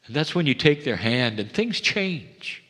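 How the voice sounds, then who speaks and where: A man delivering a channeled spiritual message to a live audience, slow and solemn, swelling up and then sinking to a soft hush. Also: medium pitch, very animated. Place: event hall. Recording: long hall reverb.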